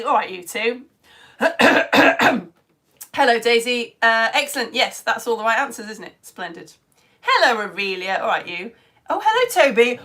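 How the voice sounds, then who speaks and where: A woman's voice: on the high side, a bit bright. A woman teaching a live online science lesson, chatting with viewers and reading out their comments in a bubbly, playful way, laughing often.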